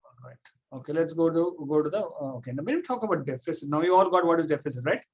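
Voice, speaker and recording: A man's voice: a little high, lively intonation, quick pace, husky. A man teaching a classroom economics lecture, repeating points and checking often that students follow.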